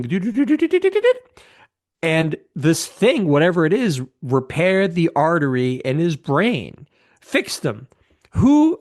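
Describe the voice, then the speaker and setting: In a fairly high voice, a fifty-something man co-hosting a laid-back film podcast recounts scenes with enthusiasm. His talk rambles, and he often starts his sentences again.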